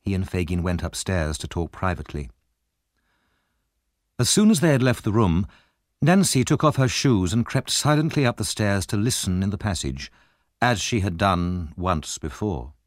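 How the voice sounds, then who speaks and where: Expressive male storybook narrator. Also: low voice, normal speed, dry recording, studio quality. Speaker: audiobook narrator.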